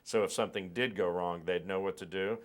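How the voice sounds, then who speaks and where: A middle-aged film director in a relaxed interview, thoughtful and explaining at length, often restarting and repeating words. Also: male voice, deep voice, a little fast.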